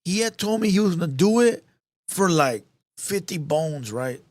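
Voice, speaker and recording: Slangy cussing dude ranting a story, kinda high voice, dry close sound. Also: male voice, lively intonation, moderate pace, no echo. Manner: profane street slang, heated and repetitive. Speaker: show host telling a story to chat. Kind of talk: casual storytelling rant.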